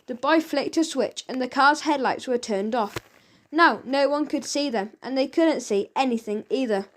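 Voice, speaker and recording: A woman reads a children's audiobook aloud, lively and expressive, with a high voice. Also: moderate pace. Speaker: audiobook narrator.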